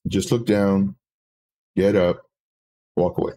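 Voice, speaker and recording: A man's voice: medium pitch, animated, moderate pace, warm tone, a little hiss or hum. A man hosting a trading livestream, talking in a rambling, casual way with self-mocking asides. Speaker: trading stream host.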